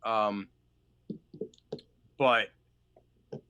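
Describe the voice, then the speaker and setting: Man, podcast co-host, bright forceful tone, dry close sound, rambling and profane. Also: on the low side, fairly even intonation, drawn-out words, clean tone, dry recording, dull audio. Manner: rambling, profane, loses his thread. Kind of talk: casual chat.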